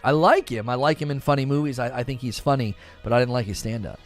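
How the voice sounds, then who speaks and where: Soft music plays behind a male livestream host who talks briskly and casually with his viewers, reading out what they comment. His delivery is animated, jumping to high-pitched bursts whenever he quotes someone, and he often lets his thoughts fade quietly away.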